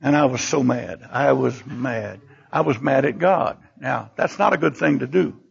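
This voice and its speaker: An older man preaching a sermon in a church. He tells personal stories and bursts into animated exclamations. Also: mid-range voice, moderate pace, gravelly. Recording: dull lo-fi recording.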